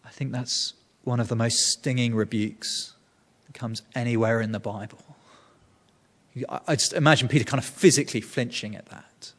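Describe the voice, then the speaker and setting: Earnest preacher in a reverberant hall. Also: male voice, mid-range voice, steady tone, moderate pace, a bit bright. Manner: earnest, explanatory, with frequent restarts. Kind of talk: sermon.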